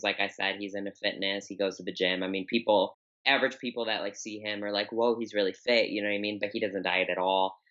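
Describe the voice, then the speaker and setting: On a muffled recording, a woman with a very deep, somewhat bright voice talks as a guest in a casual interview. She's in her twenties, has a Chicago accent, and her chatty speech is packed with repeats and "like" fillers.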